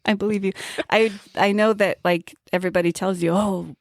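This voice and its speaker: A woman's voice: medium pitch, steady tone, a little fast, no echo, clean studio sound. A woman co-hosting a casual podcast chat, teasing her co-host and reading from her notes on flower meanings. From grew up near Mount Graham, Arizona.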